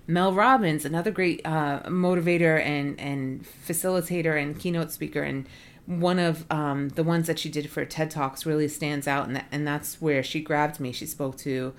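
A woman's voice: low-pitched, steady tone, moderate pace. A woman in casual conversation, talking earnestly with lots of "like" and "you know". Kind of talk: casual podcast chat.

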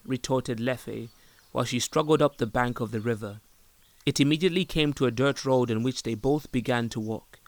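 A man narrating a story in a calm, even storytelling manner. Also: medium pitch, moderate pace, no room sound.

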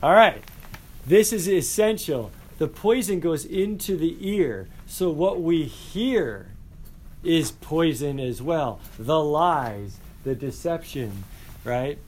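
A male teacher lecturing a class in an energetic, conversational way, asking the students questions. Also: on the high side, takes it slowly.

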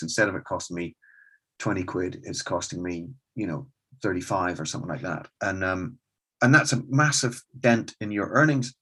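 A middle-aged man speaks in a husky, fairly low voice. He is a comedian recounting his career in a relaxed interview and slips readily into the voices of the people he quotes. His delivery stays conversational and lively throughout. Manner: animated storyteller, acts out quoted exchanges. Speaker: stand-up comedian and comedy club owner. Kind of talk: casual interview anecdotes.

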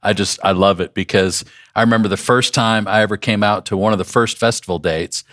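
A male podcast host with a low voice looks back in an easy chat. He starts a thought, wanders, and lets the end of the sentence fade. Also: fairly even intonation, brisk, a bit bright. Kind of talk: casual chat.

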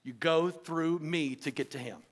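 A man preaches to his church in an earnest, emphatic way, driving points home by repeating phrases. His voice sits high for a man. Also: measured pace. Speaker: pastor. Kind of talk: sermon.

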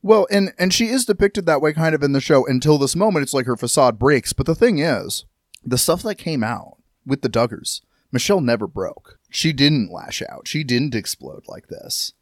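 A man's voice: mid-range voice, moderate pace, dry recording, studio quality. A man co-hosting a casual discussion podcast, talking animatedly with frequent restarts and the odd curse. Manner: animated, rambling with restarts and swearing. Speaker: podcast co-host.

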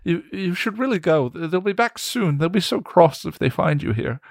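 A man's voice: high voice, expressive, normal speed, dry recording, studio quality, voice pushed up. A man voicing a timid, frightened young man who stammers and pleads in fear.

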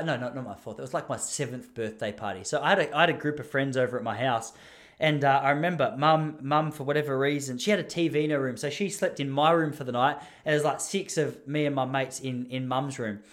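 A man's voice: mid-range voice, fairly quick, fairly bright tone. An Australian man in his thirties rambling and joking through a casual monologue, laughing often. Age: 30s.

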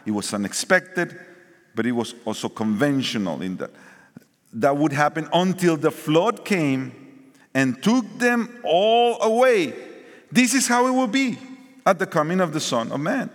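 A man preaching a sermon, shifting between loud emphasis and quiet asides. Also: fairly high pitch, sing-song, measured pace. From Mexico. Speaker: pastor. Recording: long hall reverb.

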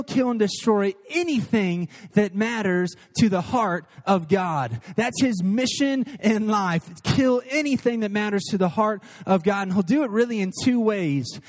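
A man in his thirties preaches to his congregation with a notably high voice. He talks with earnest energy, rushing through asides and then slowing right down to hammer home key lines. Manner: earnest and animated, shifting between quick asides and slow emphatic lines. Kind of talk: sermon. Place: church service before a crowd.

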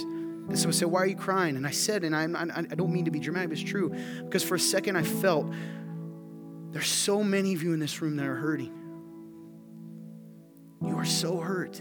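A man preaching a sermon to his congregation, talking in an earnest, conversational way that rises to emphatic. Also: on the high side. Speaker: pastor. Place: church sanctuary. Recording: music playing underneath.

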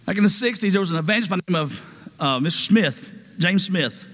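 Emphatic preacher in a reverberant hall. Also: male voice, sits high, lively intonation, a little fast, fairly bright tone. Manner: emphatic, call-and-response with congregation. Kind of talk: sermon.

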